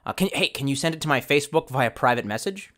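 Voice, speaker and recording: Bright-voiced profane streamer rambling. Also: male voice, medium pitch, expressive, fast. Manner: rambling, profane, self-interrupting. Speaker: livestream host. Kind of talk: casual livestream chat, reading comments.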